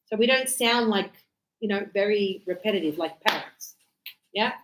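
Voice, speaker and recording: A woman teaching an English class in a chatty, lively way, acting out everyday conversations. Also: medium pitch, moderate pace, roomy sound, noisy background.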